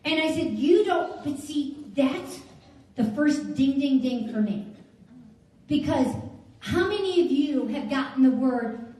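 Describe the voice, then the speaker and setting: A middle-aged woman, a jewelry stylist, gives a chatty motivational talk, telling stories and asking the audience questions. Her high voice is animated and warm at a normal speed, recorded in an echoey hall far from the mic.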